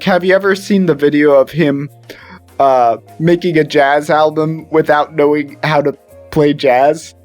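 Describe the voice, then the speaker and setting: A man co-hosting a podcast in loose, casual chat. He rambles, trips over his words and repeats himself, and he laughs a lot. Faint music sits low behind him. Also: darkish tone. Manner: mimics voices in high squeals when retelling. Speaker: podcast co-host.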